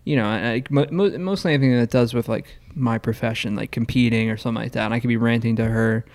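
A man's voice: medium pitch, steady tone, fast, darkish tone. A man co-hosting a podcast in casual chat, rambling in a laid-back way and filling his talk with "like" and "you know.". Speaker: podcast co-host.

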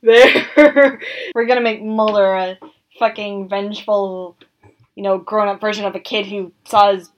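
A woman's voice: medium pitch, steady tone, measured pace. A woman co-hosting a podcast, chatting casually and animatedly, laughing often and trailing off mid-thought. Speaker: podcast co-host. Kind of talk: casual chat.

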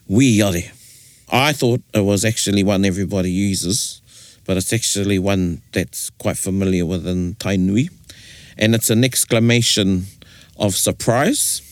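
A man's voice: low voice, moderate pace, no echo. New Zealand man, podcast host, playful explainer, dry close sound. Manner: explaining, playful, mixes in Māori phrases. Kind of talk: casual chat.

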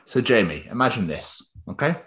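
A man's voice: mid-range voice, big pitch swings, moderate pace, fairly bright tone. A British man hosting a podcast, bantering casually, swearing and joking between laughs. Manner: sweary, jokey, laughs often. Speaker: podcast host.

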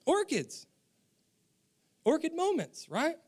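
Chuckling as he tells humorous stories from his own life, a forties-aged pastor preaches straight to his listeners. He speaks slowly in a very high-pitched, darkish voice that swings hugely in pitch.

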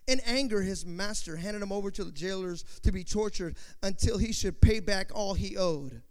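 A male pastor preaching a sermon, talking straight to the congregation and swinging from loud bursts to hushed asides. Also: high voice, moderate pace, hardly any pauses. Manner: talks to the congregation directly.

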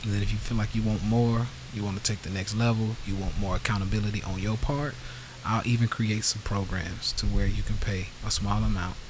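A man's voice: fairly low pitch, steady tone, brisk, noisy background. A man hosting a podcast, ranting in a blunt, profane, heated way and answering live comments from his audience. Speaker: podcast host. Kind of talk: casual rant to a live audience.

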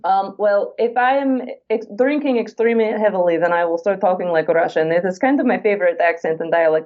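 A woman talking as an actress guest in a casual interview, chatty and quick with asides, laughing often. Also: medium pitch, lo-fi sound.

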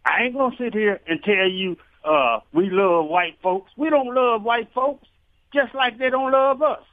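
A man's voice: extremely high pitch, a little slow, no echo. Male caller on a tinny phone line. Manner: drawling, colloquial, repeats himself. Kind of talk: phone-in call.

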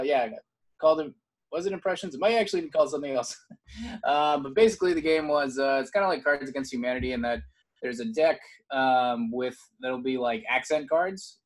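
A young man in easy podcast chat who wanders through his stories, restarting his sentences and laughing along the way. His voice sits at an ordinary middle pitch. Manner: rambling, many fillers and restarts, laughs often. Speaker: podcast co-host. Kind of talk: casual chat.

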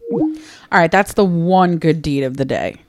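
A woman's voice: low-pitched, no echo, studio quality. A young woman with a New York accent, chatty and laughing as she co-hosts a stream. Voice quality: clear. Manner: chatty, laughing, spells out words slowly. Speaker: stream co-host. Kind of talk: casual chat.

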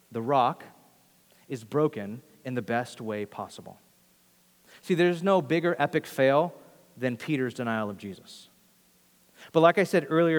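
Animated male preacher in a reverberant hall. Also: mid-range voice. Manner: animated storytelling, acts out quotes, swings loud to hushed. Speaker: pastor. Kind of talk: sermon.

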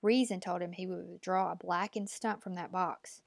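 A woman narrating an audiobook in a measured, tense storytelling manner. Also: on the low side, steady tone, gravelly, dry recording.

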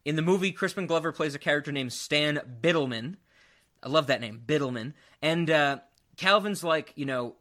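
A man hosting a casual movie podcast, animated, laughing and swearing freely. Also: on the high side, moderate pace. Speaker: podcast host. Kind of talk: casual movie review chat.

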